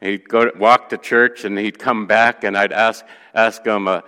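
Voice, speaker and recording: A man's voice: on the low side, moderate pace, smooth, in a large hall. A pastor, a man, telling a story from the pulpit, acting out the voices of the people in it. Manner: animated storyteller who acts out quoted voices. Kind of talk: sermon storytelling.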